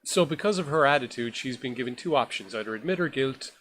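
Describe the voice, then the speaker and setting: A man's voice: medium pitch, lively intonation, quick pace, a bit bright. A man co-hosting a horror film podcast, reviewing a new film in casual, enthusiastic, rambling chat. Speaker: podcast co-host.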